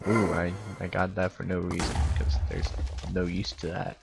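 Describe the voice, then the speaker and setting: A man giving casual, excitable and rambling commentary while playing a video game. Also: sits low, normal speed, vocal fry, few pauses, music in the background. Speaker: gaming YouTuber.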